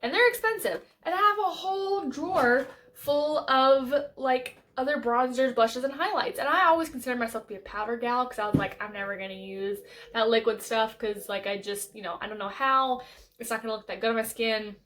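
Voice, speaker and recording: A woman's voice: high voice, fairly quick, fairly bright tone. A young woman beauty vlogger chatting casually and gushing enthusiastically about her favorite makeup. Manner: gushing, enthusiastic, lots of fillers and restarts.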